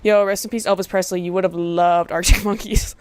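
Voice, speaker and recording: A woman's voice: on the low side, fairly even intonation, fairly quick, a little mellow, slight background noise. A young woman ranting to camera in a sarcastic, profane, exasperated commentary vlog, breaking into laughs. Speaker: video essayist.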